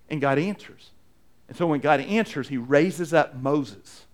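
Slightly high-voiced male preacher. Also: unhurried. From United States. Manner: conversational preaching, acts out quotes, repeats phrases. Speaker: pastor. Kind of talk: sermon.

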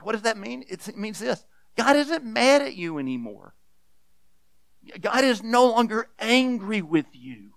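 A man preaching a sermon as pastor, earnest and emphatic, often restarting with repeated words and dropping to a hush on key points. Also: high voice, creaky, no room sound. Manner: earnest, repeats words when restarting, swings between loud emphasis and hushed softness.

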